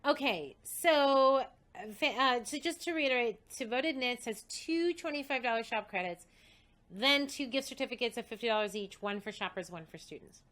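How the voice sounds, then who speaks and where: A woman host excitedly reading out a list of prizes, coughing and short of breath. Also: fairly high pitch, moderate pace. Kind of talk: casual livestream announcement.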